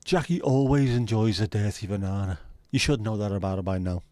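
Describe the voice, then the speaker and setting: A man's voice: lowish voice, fairly quick, a little mellow, no room sound, clean studio sound. A man hosting a livestream, chatting casually with his viewers in banter full of swearing. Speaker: livestream host. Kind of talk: casual chat with live viewers.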